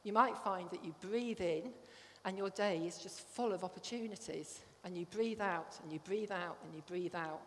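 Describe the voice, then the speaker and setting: A woman's voice: fairly low pitch, moderate pace, hardly any pauses, fairly bright tone, slight background noise. A woman giving a conversational sermon to a congregation, often checking that they follow. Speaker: church speaker. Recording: long hall reverb.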